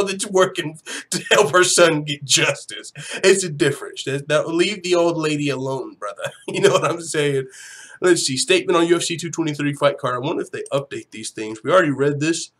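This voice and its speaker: A man hosting an MMA live-stream chat, talking casually and profanely, swinging from low mumbling to loud shouting. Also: moderate pace.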